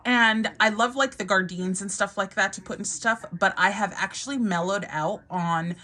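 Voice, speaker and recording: A woman's voice: mid-range voice, normal speed, sharp tone. Chatty mother vlogging at home. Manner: chatty and rambling, many fillers and restarts, laughs often. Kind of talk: casual chat to camera.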